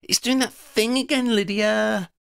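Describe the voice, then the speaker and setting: A man voicing an excitable young boy wizard who babbles eagerly. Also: sits high, normal speed, pitched above the performer's own voice. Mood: excited.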